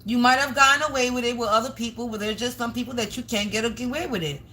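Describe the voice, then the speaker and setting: A bright-toned woman runs a confrontational livestream as a tarot reader. She scolds her viewers bluntly, curses freely and gets louder when she makes her point. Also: fairly high pitch, fast talker, a little hiss or hum. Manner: blunt, scolding, swears often, raises voice at times.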